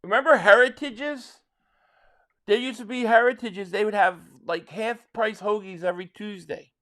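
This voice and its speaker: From South Jersey, near Philadelphia, this man speaks at a normal speed in a high, bright, forceful voice. He's hosting a live stream, chatting casually and rambling through answers to viewer comments, often restarting his sentences.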